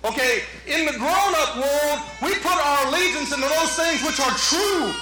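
A man preaching a sermon as pastor, animated, rising to shouts and dropping into playful asides. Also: very high voice, moderate pace, reverberant, music in the background, poor audio. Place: church sanctuary.

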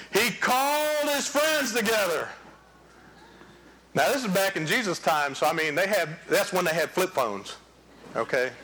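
A man preaching a sermon in an animated, joking storytelling manner. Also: high voice.

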